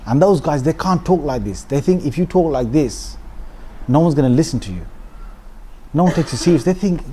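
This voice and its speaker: Male lecturer with a slightly raised pitch, telling lively stories and laughing as he talks. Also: fast talker, a little hiss or hum. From Britain. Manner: lively, laughs often, mimics other speakers. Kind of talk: animated storytelling lecture.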